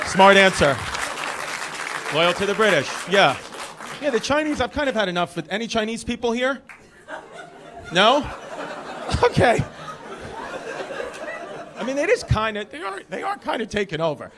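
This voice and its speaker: Brash New York comic, crowd laughing. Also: male voice, high-pitched, background noise. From Brooklyn, New York. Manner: brash, teasing, rambling asides. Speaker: stand-up comedian. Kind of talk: stand-up crowd work. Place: comedy club stage before a crowd. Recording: live club recording with crowd laughter. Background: audience laughing.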